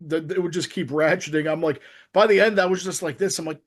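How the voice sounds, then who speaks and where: A man co-hosting a casual movie talk show, his voice sitting a bit high for a man. He rambles with lots of restarts and swears freely as he gets worked up. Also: fairly quick, hardly any pauses. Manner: rambling, profane, excitable with many restarts. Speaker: podcast co-host. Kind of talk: casual film discussion.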